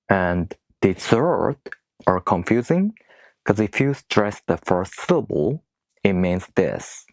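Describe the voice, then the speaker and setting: A man whose first language is not English, teaching in a video lesson with rhetorical questions and slow, careful demonstrations of word stress. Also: deep voice, a little mellow, dry recording. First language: non-English speaker.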